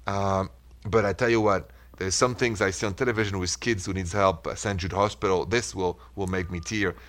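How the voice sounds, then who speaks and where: A French-accented man with a low, fairly bright voice speaks at normal speed with fairly even intonation. As host of a call-in relationship advice show on radio, he comes across as earnest and reassuring, speaking in short coaching phrases.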